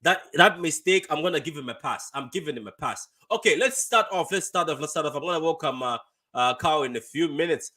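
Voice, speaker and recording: A young man hosting a casual live football reaction stream, chatty and quick to laugh, reading viewer comments aloud and repeating his phrases. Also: fairly high pitch, expressive, pushed and bright. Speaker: fan channel host.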